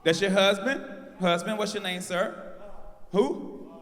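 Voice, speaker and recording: A man in his forties doing brash live stand-up with crowd work, shouting out his punchlines. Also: sits high, fairly even intonation, normal speed. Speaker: stand-up comedian. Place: large live venue on stage. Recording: live house mix with long hall reverb.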